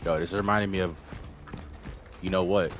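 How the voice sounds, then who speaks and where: A man's voice: low voice, fairly even intonation, normal speed, heavy background noise. A man streaming a horror game, chatting casually in slang while reacting to the game and to his viewers. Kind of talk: casual live gaming commentary.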